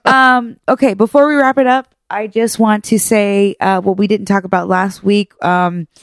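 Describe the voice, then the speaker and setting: A woman's voice: mid-range voice, normal speed, no room sound, clean studio sound. A woman co-hosting a casual podcast, telling family stories with lots of laughter. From Persian family. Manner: laughing often, animated storytelling. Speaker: podcast co-host. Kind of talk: casual chat.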